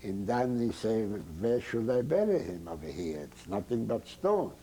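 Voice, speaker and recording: An older man recounts his memories in halting, broken English, now and then slipping into German. His voice sits low and mellow. A faint noise runs under the recording. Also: big pitch swings, rough recording. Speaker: Holocaust survivor giving testimony. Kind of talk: oral history testimony.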